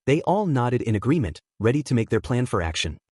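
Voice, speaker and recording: A man reading fan fiction aloud as a narrator, with lively storytelling intonation. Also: medium pitch, fairly quick, breathy edge, no echo, studio quality.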